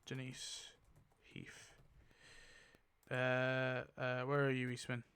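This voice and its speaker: A man giving casual, excitable commentary while spinning a wheel, laughing often and mumbling lists to himself. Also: medium pitch, very slow, clear, resonant tone. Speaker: YouTuber.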